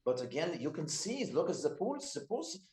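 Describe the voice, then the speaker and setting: A man's voice: fairly high pitch, sing-song, normal speed, darkish tone, voice pushed up. A man voicing a flustered, apologetic bathhouse hostess who stammers and pleads politely. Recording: roomy echo.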